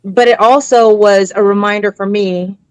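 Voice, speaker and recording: Interview guest: woman, middle-aged, expressive storyteller, mid-pitched, close and dry. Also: normal speed, clear, resonant tone, no room sound, poor audio. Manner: animated, acts out quoted voices; emotional, earnest. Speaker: interview guest, cigar educator. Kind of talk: casual conversational storytelling.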